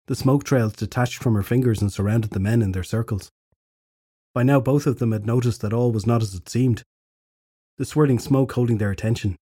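A man narrates a fantasy story in a steady, measured way. His voice is mellow and husky, and it sits at a middle pitch. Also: no room sound, studio quality. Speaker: audiobook narrator. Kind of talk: scripted narration.

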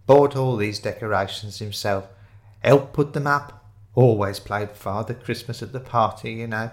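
A man's voice: lowish voice, moderate pace, lightly acted. Man putting on a homely tearful receptionist woman. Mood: fond. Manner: homely, calls people ducks and dear. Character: motherly middle-aged woman receptionist, tearful and chatty.

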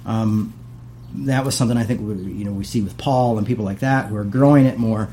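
Middle-aged guy chatting about the bible, warm mellow tone, lots of asides. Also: on the low side, fairly quick, slight background noise. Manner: conversational, reads and paraphrases aloud with many asides. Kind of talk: casual talk on scripture.

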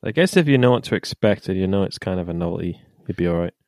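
A man co-hosting a casual chat podcast, asking quick questions and swearing in short reactions. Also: deep voice, lively intonation, a little mellow, dry recording, studio quality. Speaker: podcast co-host.

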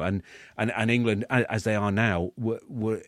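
Halting man with a lowish voice. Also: fairly even intonation, dry recording, studio quality. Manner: halting, many restarts. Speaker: guest. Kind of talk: interview.

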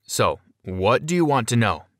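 A man voicing a weary, blunt male police officer in a first-person story, speaking in a flat, resigned way. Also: medium pitch, unhurried, no room sound, studio quality.

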